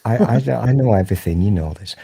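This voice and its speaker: A man's voice: low voice, lively intonation, fast, crowd noise. A man in his forties hosting a casual sofa chat, rambling along in a sweary, mischievous way. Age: 40s. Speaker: host.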